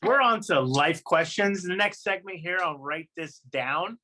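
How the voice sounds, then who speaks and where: A podcast co-host in casual chat, teasing and quick to react. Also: mid-range voice, expressive, sharp tone.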